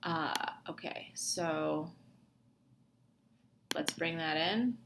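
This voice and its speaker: A woman's voice: low-pitched, drawn-out words, creaky, noisy background. A young woman instructor talking through a lab tutorial casually, thinking aloud with many ums and restarts. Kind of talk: screen-recorded lab tutorial.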